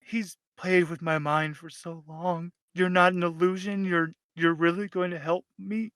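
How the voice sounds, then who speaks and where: A man's voice: high voice, level tone, a little slow, fairly bright tone, smooth, dry recording, clean studio sound. A man voicing a weeping giant female titan who fears for her children, in a tabletop game. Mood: pleading, tearful.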